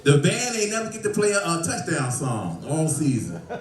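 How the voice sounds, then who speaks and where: A man performing a lively stand-up set in a bar, laughing and shouting through his punchlines. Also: a little high, normal speed, heavy background noise. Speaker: stand-up comedian. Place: bar comedy show. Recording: roomy, from a distance.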